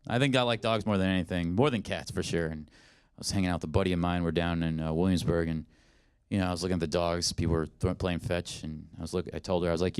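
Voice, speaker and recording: A man in his twenties performing a stand-up comedy set, telling self-deprecating stories in an animated way. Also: deep voice, fast talker, smooth. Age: 20s. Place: comedy stage in a studio.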